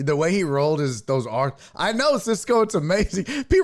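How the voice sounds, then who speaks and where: A man with a voice on the high side hosts a sports podcast. He chats casually, excitable and profane, laughing often and doing impressions of voices.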